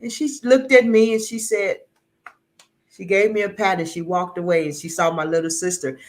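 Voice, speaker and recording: A man's voice: high voice, fairly even intonation, normal speed. A middle-aged man giving an earnest, emotional personal testimony as an interview guest, often repeating words as he searches for them.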